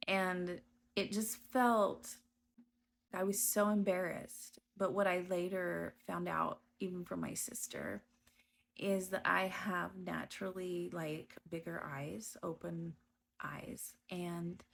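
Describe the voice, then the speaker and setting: A woman giving a personal testimony about her past, speaking slowly and hesitantly with frequent pauses and restarts. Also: on the low side, fairly even intonation, vocal fry, a little hiss or hum. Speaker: storyteller recounting her past.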